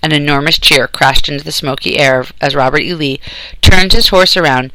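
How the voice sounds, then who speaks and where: Bright-voiced male audiobook narrator. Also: fairly high pitch, moderate pace, no echo, low-quality recording. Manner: steady storytelling, voicing characters in dialogue. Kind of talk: scripted narration.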